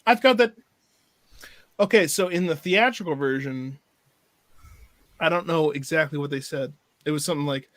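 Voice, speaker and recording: A man's voice: on the high side, normal speed, pauses often, fairly bright tone, dry recording. A man co-hosting a casual movie review chat, joking and quoting lines in put-on voices, laughing often. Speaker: podcast co-host.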